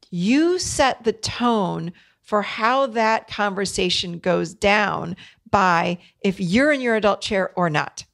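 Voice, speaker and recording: In a solo podcast, a middle-aged woman host coaches her listeners directly and earnestly. She speaks at a medium pitch with vocal fry.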